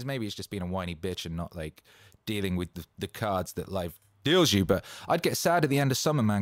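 A man hosting a casual motivational monologue, swearing freely and rambling with bursts of excitement. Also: on the low side, dry recording, studio quality. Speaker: host.

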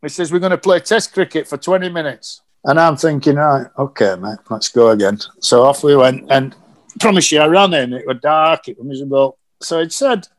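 Animated man telling stories. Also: on the high side, fairly quick. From Yorkshire, England. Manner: animated anecdotes with acted quotes. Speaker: guest, former cricket coach. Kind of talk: casual podcast storytelling.

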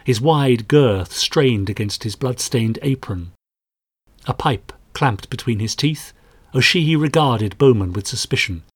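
Husky guy reading an audiobook mystery, dry close mic, mid pitch. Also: animated, dry recording. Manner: measured, dramatic storytelling. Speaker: audiobook narrator. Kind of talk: scripted narration.

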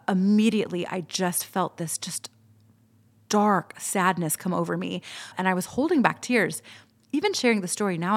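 A woman in her thirties, a podcast host, telling a personal story in a candid, chatty way and swearing freely. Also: fairly low pitch. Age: 30s.

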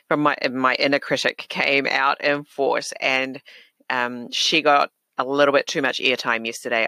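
A man's voice: a little high, sharp tone, dry recording. A middle-aged man hosting his own podcast from a small closet studio, talking in a chatty, reflective way with fillers and self-corrections. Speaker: podcast host. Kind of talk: casual personal monologue. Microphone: desk podcast microphone.

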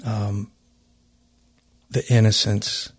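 A man's voice: on the low side, flat delivery, drawn-out words, breathy edge. A man hosting a casual podcast, talking earnestly and emphatically, rambling and restarting his sentences. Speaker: podcast host.

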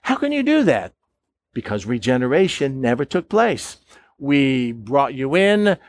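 A man's voice: mid-range voice, dry recording. A man preaching a sermon, emphatic, often questioning his listeners and acting out the voices of doubtful believers. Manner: emphatic, asks the audience questions, acts out quoted voices.

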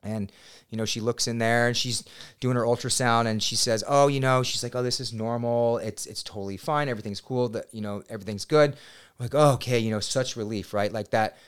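A man in his thirties tells a personal story as a podcast guest, his voice smooth and resonant at a middle pitch. He talks casually and gets excitable, swearing now and then. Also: brisk. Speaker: podcast guest, real estate agent.

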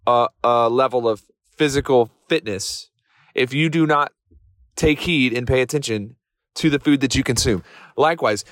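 A man's voice: mid-range voice, a bit bright, no room sound. A man hosting a motivational podcast, talking bluntly and with fired-up energy. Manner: blunt, fired-up, swears lightly. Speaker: podcast host.

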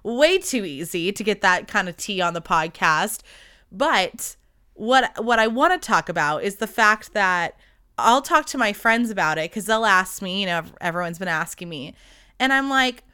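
Bright, animated young woman podcaster. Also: mid-range voice, clear, resonant tone. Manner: chatty and animated, quick laughs. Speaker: podcast host. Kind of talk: casual solo podcast chat.

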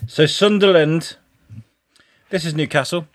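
A man's voice: on the high side, a little slow. A man from the UK co-hosting a casual podcast chat, joking, rambling and swearing freely. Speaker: co-host.

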